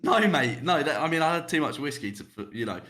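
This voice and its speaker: A man's voice: a little high, animated, a little fast, fairly bright tone. A young man hosting a podcast, talking bluntly and casually, swearing and laughing often. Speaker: podcast host. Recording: roomy echo.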